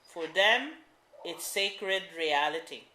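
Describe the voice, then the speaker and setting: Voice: mid-range voice, expressive, takes it slowly, bright, forceful tone. A writing teacher giving a patient class explanation, repeating key points. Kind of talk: classroom instruction. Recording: roomy echo.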